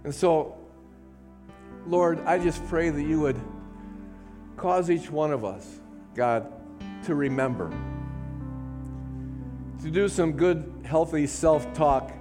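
A man's voice: on the high side, slow pace, long pauses, over music. A man preaching a sermon to a congregation, fervent, repeating phrases and calling out to the room. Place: church service.

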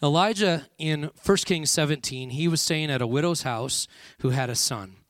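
A man's voice: a little high, normal speed, dry recording, clean studio sound. A man preaching a sermon to a congregation, with frequent call-and-response and "all right" checks. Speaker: pastor.

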